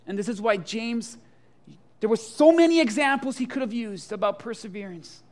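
A pastor preaching a sermon at a church service, swinging from hushed, tender passages to loud, passionate appeals and calling out to the congregation. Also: medium pitch, lively intonation, moderate pace. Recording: live sermon with guitar playing underneath. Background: soft guitar music.

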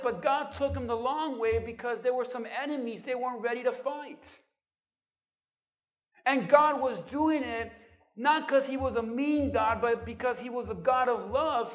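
A woman pastor preaching a sermon, speaking straight to her listeners with rhetorical questions and swinging from loud, urgent pleas to hushed, intimate lines. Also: fairly high pitch. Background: music.

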